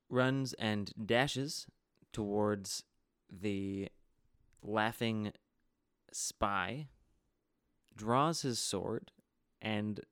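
Guy playing a tabletop game, smooth clear voice, measured and playful. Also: lowish voice, a bit bright. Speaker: player.

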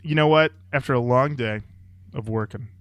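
A man co-hosting a comedy podcast, riffing in a playful mock sales pitch and acting out little scenes. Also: normal speed, a bit bright, dry recording. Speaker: podcast co-host.

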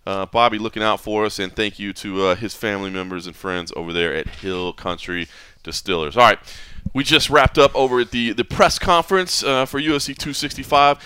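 A man hosting a podcast in casual chat, lively and rambling, with plenty of fillers and restarts. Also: on the low side, a little fast, clear, resonant tone. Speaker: podcast host. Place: hotel or venue room.

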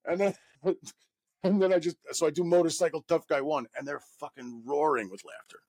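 Gravelly man telling a rambling story. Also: fairly high pitch, normal speed. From New York. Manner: animated, profane, filler-heavy storytelling. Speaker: actor guest. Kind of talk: casual anecdote telling.

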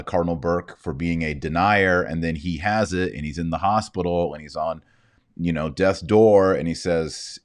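Casting: Texan man, very deep voice, mouth numb from dental work, relaxed slurred drawl. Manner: slightly slurred, slow drawl. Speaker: Catholic commentary host. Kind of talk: casual commentary.

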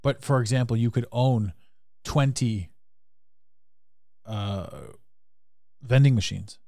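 A man's voice: mid-range voice, slow pace, warm tone, no room sound, clean studio sound. A man hosting a podcast, giving a frank, earnest motivational monologue and swearing casually. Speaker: podcast host.

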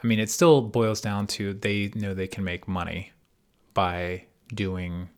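A man co-hosting a casual podcast, chatting about movies in a relaxed way and swearing casually. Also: lowish voice, slow. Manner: laid-back, swears casually. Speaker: podcast co-host.

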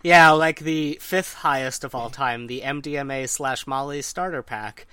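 Bright, crisp, dry-voiced man. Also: mid-range voice, normal speed, no room sound. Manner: hesitant, filler-heavy, dry humor. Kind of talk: casual chat.

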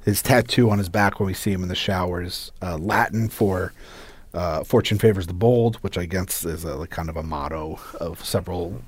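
Lower-voiced guy explaining movie details calmly, trails off quiet, dry sound. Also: normal speed, husky, dry recording. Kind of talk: casual chat.

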